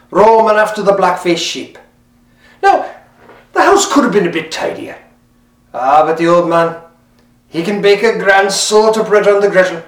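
A man telling a folk tale in a lilting, conversational way, talking straight to the listener. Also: high voice. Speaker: storyteller. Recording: roomy, mic at a distance.

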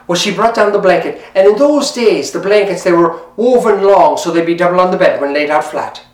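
A man's voice: high-pitched, fairly quick. A man telling a folk tale in a lilting, conversational way, talking straight to the listener. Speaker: storyteller. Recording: roomy, mic at a distance.

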